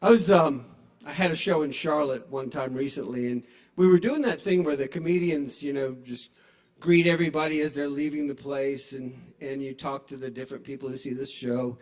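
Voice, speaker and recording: A man's voice: medium pitch, fairly even intonation, brisk. A man doing a self-mocking stand-up set into a handheld mic at a small bar, chatting with the crowd. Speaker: stand-up comedian. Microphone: handheld stage microphone.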